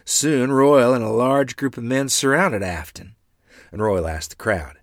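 A man narrating a family story aloud, animated and expressive. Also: mid-range voice, measured pace, no echo, clean studio sound. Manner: lively, animated reading with character voices.

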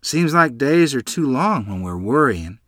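An eager young girl, high-pitched and excited, as a man puts her on. Her questions pop up far above the reader's normal voice, bright and lively. The sound is close and dry. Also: a little slow, dry recording.

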